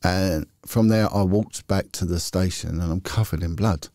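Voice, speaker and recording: Deep-voiced man telling candid stories. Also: moderate pace, mellow, no echo, clean studio sound. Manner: candid, rambling, chatty with frequent restarts. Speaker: podcast guest, former police detective. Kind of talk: casual anecdotal storytelling.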